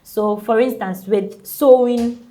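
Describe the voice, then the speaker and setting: A woman's voice: on the high side, fairly even intonation, takes it slowly, mellow. A young woman with a Ghanaian English accent, a mother talking casually in an interview, with lots of "like" and light laughs. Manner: chatty, peppered with "like" and laughs. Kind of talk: casual chat.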